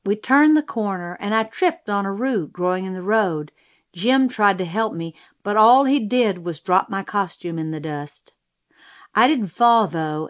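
A woman reading a first-person novel aloud in a measured storytelling manner. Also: medium pitch. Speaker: audiobook narrator. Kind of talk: scripted first-person narration.

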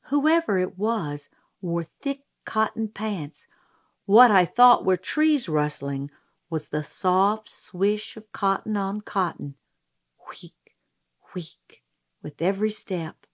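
A woman narrating an audiobook in a measured, steady storytelling manner. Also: medium pitch.

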